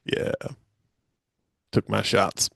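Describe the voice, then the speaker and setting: A man's voice: extremely slow, fairly bright tone, no echo, clean studio sound. A man hosting a podcast, leading loose, joking banter and rambling asides. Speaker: podcast host. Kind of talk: casual podcast chat.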